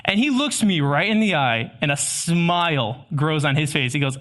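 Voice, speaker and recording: Young male preacher, light high voice, relaxed conversational sermon with jokes. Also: normal speed, hardly any pauses. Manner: casual, chatty, self-deprecating humor.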